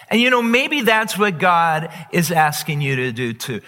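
A man preaching a sermon as pastor, emphatic and animated, drawing out quoted words slowly. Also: on the high side. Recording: long reverb of a large hall.

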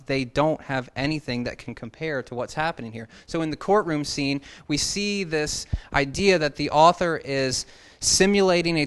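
A man's voice: medium pitch, smooth. Conversational man teaching a Bible passage. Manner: conversational, with joking asides. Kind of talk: casual expository sermon.

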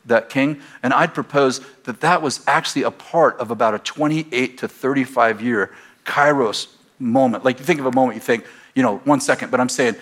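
A middle-aged American man preaching a sermon in a church, telling stories and building to loud exhortation. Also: medium pitch, moderate pace. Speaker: pastor. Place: church sanctuary. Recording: faint crowd in a church. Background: congregation.

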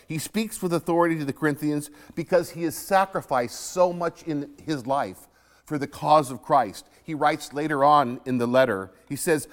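A man's voice: on the high side, moderate pace, long reverb tail. A man preaching a sermon, with an emphatic, dramatic storytelling delivery.

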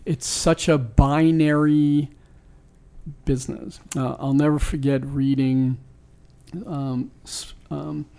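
A man's voice: fairly high pitch, level tone, takes it slowly, vocal fry, dark tone, clear, resonant tone. A man in his sixties from New York, a sports team owner, tells a personal story in an interview. He is reflective and earnest and often restarts his sentences. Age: 60s.

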